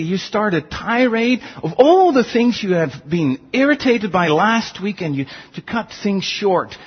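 Male pastor, sermon delivery, slow and deliberate with a slightly raised pitch, dull lo-fi recording. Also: husky. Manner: earnest, rhetorical questions, animated swings in pitch.

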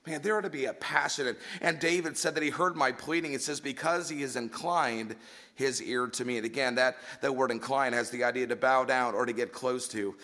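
A man's voice: mid-range voice, a little fast, pushed and bright. Earnest male preacher delivering a sermon. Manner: earnest, emphatic storytelling with rhetorical questions.

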